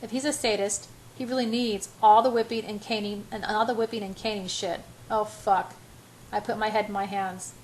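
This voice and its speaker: A woman's voice: medium pitch, flat delivery, normal speed, slight background noise, rough recording. A woman reading a first-person romance novel aloud in a breathless, emotional way. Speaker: audiobook reader.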